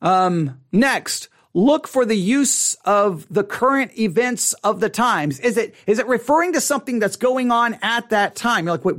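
Animated man teaching Bible study. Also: high voice. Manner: animated, repeats and restarts phrases, acts out reactions. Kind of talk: casual teaching talk.

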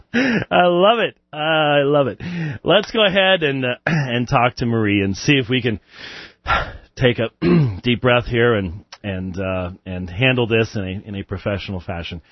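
A man's voice: mid-range voice, animated, normal speed, no room sound. Chuckling male call-in host, dry and muffled. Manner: chatty, chuckling, loose asides. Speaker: radio show host. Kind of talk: live call-in show, answering Bible questions.

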